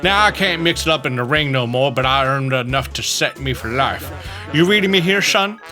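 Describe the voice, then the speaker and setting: A man's voice: medium pitch, expressive, normal speed, sharp tone, soft background music. A man voicing a folksy older male Texan fight promoter in a video game, with a drawling, slang-heavy delivery. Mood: boastful.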